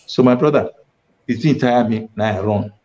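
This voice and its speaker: A man's voice: mid-range voice, normal speed, a crowd in the background. A man from Edo State, Nigeria, with a Nigerian accent, a guest recounting his time as a state information official and acting out quoted speech. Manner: animated storyteller, acts out quoted speech. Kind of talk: storytelling in Nigerian Pidgin. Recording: muffled, dull audio.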